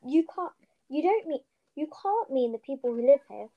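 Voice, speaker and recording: A woman's voice: high voice, normal speed, lo-fi sound. A woman reading a storybook aloud, voicing a distraught, stern elderly female witch professor with urgent, emphatic delivery. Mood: indignant. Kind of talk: storybook reading with character voices.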